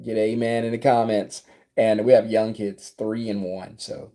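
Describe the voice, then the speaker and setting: A man in his thirties with a South Louisiana accent, a business coach telling a story to camera in his office in an animated, conversational way. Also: on the low side, unhurried. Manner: animated, conversational, acts out dialogue.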